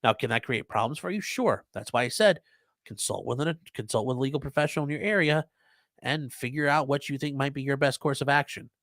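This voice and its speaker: A man's voice: medium pitch, brisk, a bit bright, dry recording, studio quality. A man hosting a live stream who reads viewer comments aloud and answers them in a blunt, profane, conversational way.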